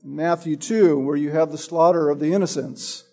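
A man preaching a sermon, teaching from a Bible passage with a slow, emphatic, drawn-out delivery. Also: fairly high pitch, steady tone, a little mellow.

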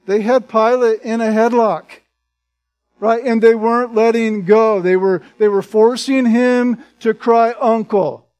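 A man's voice: very high voice, fairly even intonation, a little slow, darkish tone. A man preaching as a pastor, reading scripture aloud and then explaining it in plain words. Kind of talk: expository sermon.

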